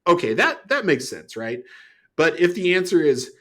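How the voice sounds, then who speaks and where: Male podcast guest, middle-aged, casual and animated, with plenty of laughs. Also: fairly high pitch, normal speed. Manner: animated, laughs often, acts out the quoted people. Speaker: former grocery store manager. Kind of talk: casual storytelling.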